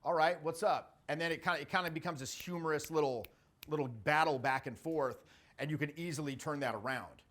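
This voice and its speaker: A man's voice: a little high, a little fast, a bit bright. A man in his forties, a social skills coach, giving a blunt, jokey coaching talk full of stories and swearing. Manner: blunt, profane, jokey storytelling.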